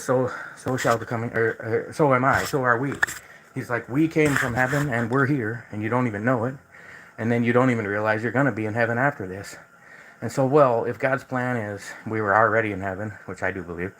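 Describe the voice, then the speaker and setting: A man's voice: on the low side, a bit bright, low-quality recording. A man hosting a casual livestream, talking in a loose, rambling way that is full of repeated words and restarts. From United States. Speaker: livestream host.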